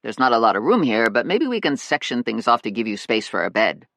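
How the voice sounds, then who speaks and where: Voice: medium pitch, very animated, brisk, creaky, fairly bright tone. A narrator voicing an easygoing middle-aged handyman in an audiobook, plain and matter-of-fact.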